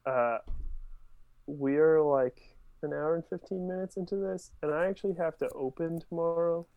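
A man's voice: a little high, normal speed, creaky, no room sound, narrow, tinny audio. A man co-hosting a casual history podcast, joking and swearing freely between short remarks. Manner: joking, swears casually, reads quotes aloud. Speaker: podcast co-host.

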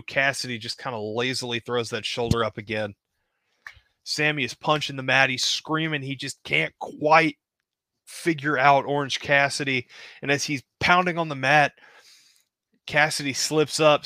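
A man's voice: medium pitch, normal speed, dry recording, studio quality. Man calling toy wrestling play-by-play. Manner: casual, hedging with "kinda", excited at pinfalls. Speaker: host narrating a toy wrestling show. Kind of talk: play-by-play narration.

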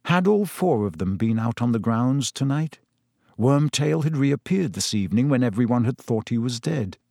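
Brief: male audiobook narrator, mid-pitched, measured, close and bone-dry. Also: a little mellow, no room sound. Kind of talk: scripted narration.

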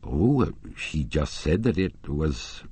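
A man voicing a nervous male house manager who pleads haltingly. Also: extremely low pitch, big pitch swings, warm tone, breathy edge, no echo, heavily acted. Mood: anxious.

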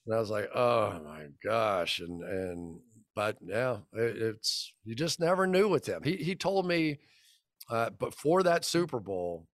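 A football broadcaster in his fifties, voice on the low side, tells rambling anecdotes on a podcast and acts out the dialogue. The recording is dry with clean studio sound, and the storytelling is casual.

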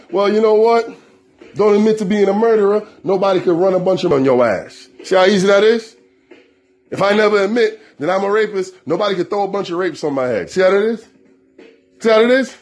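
A man's voice: high voice, a little mellow. A man hosting a show, delivering an aggressive, profane monologue in a confrontational manner. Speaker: show host.

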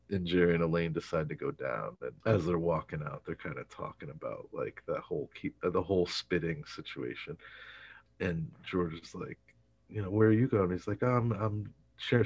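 Laughing often and filling gaps with fillers, this man retells a sitcom episode for his podcast, performing the characters' lines in an animated way. His voice is low-pitched with a breathy edge, moderately paced, and carries no room sound.

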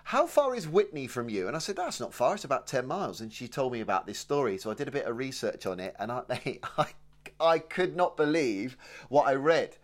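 An English man with a British accent co-hosts a podcast, chatting casually in a matey way and saying "mate" a lot. He has a medium-pitched voice with lively intonation and a brisk pace.

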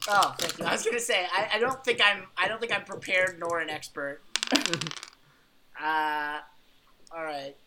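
A woman's voice: lowish voice, moderate pace, pauses often, heavy background noise. A woman playing a tabletop game, speaking in a mock-formal, theatrical way as her character. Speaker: player. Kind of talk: tabletop role-play.

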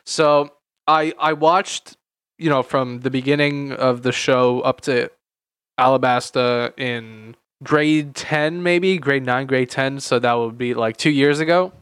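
A man's voice: mid-range voice, slow pace, a bit bright, clear, resonant tone, no room sound, clean studio sound. A young man in his late teens, co-hosting a casual chat podcast, rambling with lots of fillers and repeated words. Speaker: podcast co-host.

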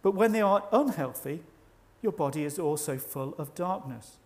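Male preacher with a high voice, measured and reflective, slows for emphasis. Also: lively intonation, a little mellow. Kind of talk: sermon.

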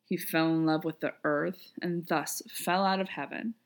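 A woman doing a proud male archangel who mocks from on high, loud and cutting. His tone is lofty and scornful, with a rough, gravelly grain. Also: steady tone, moderate pace. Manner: mocking, lofty.

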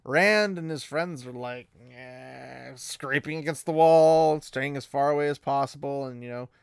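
A man hosting a casual podcast, recapping a book with animated energy and frequent laughs, close to the mic. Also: medium pitch, measured pace, gravelly, clear, resonant tone, no room sound. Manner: animated, laughing often, playful. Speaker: podcast host.

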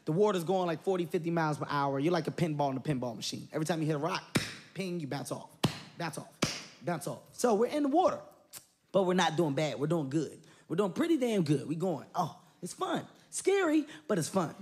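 A male comedian telling a story on stage, animated and breaking into shouted quotes. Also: on the high side, a little fast, a little hiss or hum. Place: comedy stage before an audience.

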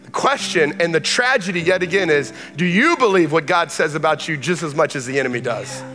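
A man preaching a sermon in a church, impassioned and repetitive, building up to shouts. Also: a little high, lively intonation, a little fast, hardly any pauses. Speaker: pastor. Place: church sanctuary. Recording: long hall reverb, faint music.

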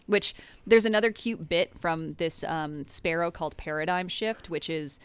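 Excitable woman chatting about game lore. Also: fairly low pitch, moderate pace, smooth. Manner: excited, swearing, filler-heavy.

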